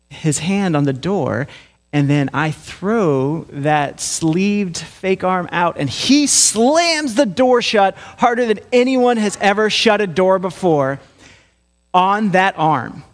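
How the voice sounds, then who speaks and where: Middle-aged guy pastor telling a funny story in a sermon, kinda high voice, does little voices for the kids. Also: long reverb tail. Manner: lively storytelling, acts out voices of kids and mom.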